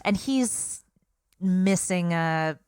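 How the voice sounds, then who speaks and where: A woman co-hosting a podcast, chatting casually, frank and deadpan. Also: fairly low pitch, very slow, clean tone, dry recording, clean studio sound. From Britain. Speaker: podcast co-host. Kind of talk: casual chat.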